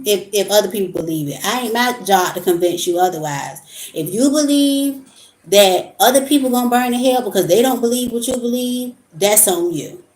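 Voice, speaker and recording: A woman vlogger talking casually about spiritual topics in a rambling, storytelling way. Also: on the high side. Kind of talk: casual monologue. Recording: echoey room.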